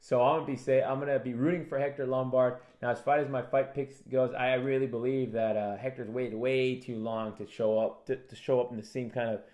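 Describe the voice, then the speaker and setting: A man co-hosting a casual MMA betting analysis show, animated and acting out fighters in raised voices. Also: mid-range voice, a little fast, few pauses, echoey room. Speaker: MMA prediction co-host.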